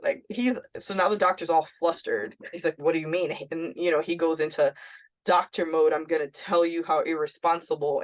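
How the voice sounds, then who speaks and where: Blunt, candid woman telling her story. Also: low voice. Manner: candid and blunt, often quoting herself with many "like"s. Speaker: podcast co-host. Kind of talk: casual personal storytelling.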